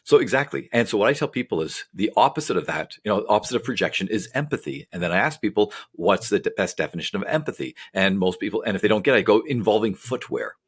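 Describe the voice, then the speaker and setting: A man with a deep voice and a husky edge talks through ideas quickly on a podcast. He rambles, piles up fillers and wanders into tangents as he explains like a psychologist would. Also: animated. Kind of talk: casual podcast chat.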